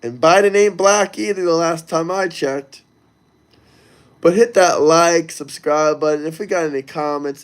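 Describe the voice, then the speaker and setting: A man's voice: on the high side, smooth. A man hosting a casual livestream, talking loosely and crudely straight to his viewers as he reads the chat. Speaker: livestream host reading chat.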